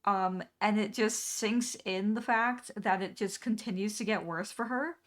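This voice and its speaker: Young woman, streamer, unhurried pace, rambling casual recap, lots of filler words. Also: medium pitch. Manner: rambling, full of "um" and "like", laughing at the plot.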